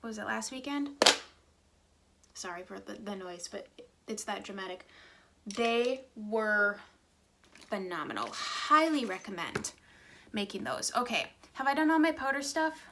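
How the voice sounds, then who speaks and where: A woman's voice: mid-range voice, expressive, a little slow, long pauses, a bit bright, a little hiss or hum. A woman in her thirties chatting casually through a get-ready-with-me vlog, rambling and sometimes dropping to a whisper, filmed close on a phone at home. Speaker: beauty vlogger. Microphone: phone camera close up.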